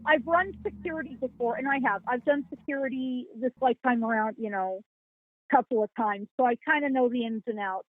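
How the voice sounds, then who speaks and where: A high-pitched woman telling a story in a lively, folksy way and voicing the people in it. She comes through a thin, phone-like line with a dry sound. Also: fairly quick, no echo. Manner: animated, folksy storytelling with quoted dialogue and laughs. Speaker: psychic guest. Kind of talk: storytelling in a podcast interview.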